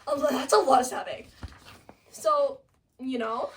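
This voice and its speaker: A woman's voice: sits high, measured pace, far from the mic. A woman hosting a casual study recap, bubbly and playful. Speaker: host of a study channel.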